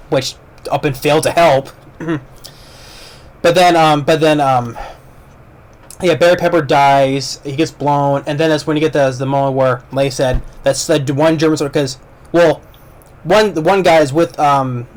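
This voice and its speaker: A man's voice: a little high, steady tone, normal speed. Man rambling through a casual movie review. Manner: rambling plot retelling with many fillers and restarts.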